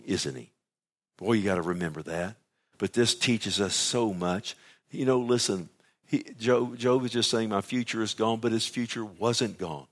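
A man with a lowish voice preaches a sermon in an easy conversational way. He reads lines of scripture and then puts them in his own words. His delivery swings between loud urgent pleading and low, hushed passages.

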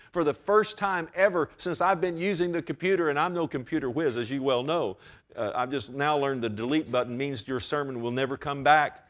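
A male pastor preaching a sermon with passion, moving from hushed, low passages to loud, high exclamations.

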